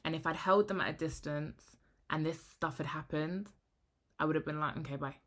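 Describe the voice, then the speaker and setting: A young woman, talking frankly to camera in a rambling, animated vlog. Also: sits low, fairly quick. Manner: rambling, frank and animated, often trailing into hushed asides. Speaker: vlogger.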